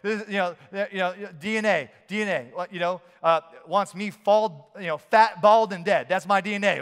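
A man preaching a sermon as a pastor, animated and playful, now and then acting out shouted voices. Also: high-pitched, a little fast, hardly any pauses, clear, resonant tone. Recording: long hall reverb.

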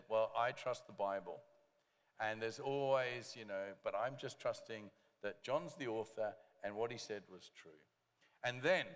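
A man preaching a sermon as pastor, lively, with joking asides to the congregation. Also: medium pitch, in a large hall. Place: church hall.

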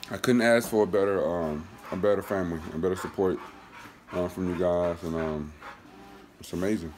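A man's voice: low voice, fairly even intonation, normal speed. A man vlogging casually about his dogs and thanking his viewers, in loose, profane street talk. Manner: talks to his dogs between remarks to viewers. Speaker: dog breeder vlogger. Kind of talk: casual vlog chat. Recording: noisy home recording with dogs around.

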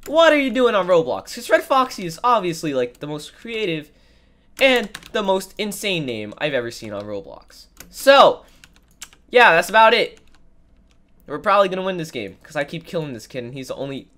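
A woman's voice: lowish voice, big pitch swings, moderate pace, a bit bright. A woman giving sarcastic, dramatic gameplay commentary while sick, her voice nasal and congested. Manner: sarcastic, exclaiming, dramatic mock complaints. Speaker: gaming video creator.

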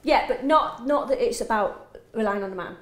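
A woman's voice: on the high side, moderate pace, crowd noise. A woman guest on a podcast, talking in an earnest, reflective way in casual chat. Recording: roomy echo.

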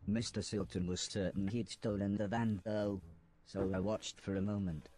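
A male text-to-speech voice narrating a video game as a calm robot, reading in a flat, monotone, robotic way. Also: fairly low pitch, moderate pace, lightly acted. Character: robot narrator telling his story, calm.

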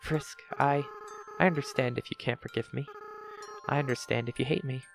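A man reading the lines of a remorseful young goat-monster boy prince from a game, slowly and apologetically. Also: mid-range voice, steady tone, gravelly, music in the background, close to an everyday voice. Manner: slow, tearful, apologetic reading. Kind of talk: reading game dialogue aloud.

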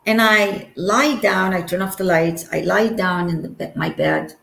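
Slow, earnest woman in an echoey room. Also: mid-range voice, vocal fry, a bit bright, slight background noise. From Egypt. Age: 40s. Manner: earnest storytelling with quick giggles and restarts. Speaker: guest telling her near-death story. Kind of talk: emotional personal testimony.

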